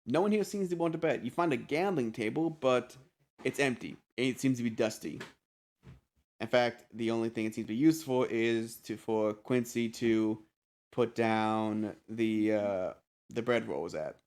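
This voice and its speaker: A man's voice: mid-range voice, a little mellow. A man narrating as game master for a tabletop game, hesitant with frequent restarts. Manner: halting, many restarts and fillers.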